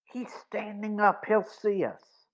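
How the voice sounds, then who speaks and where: A man's voice: sits high, slow. A man voicing a nervous, apologetic teenage boy in an audiobook. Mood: alarmed. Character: young male teen sidekick, jittery and apologetic.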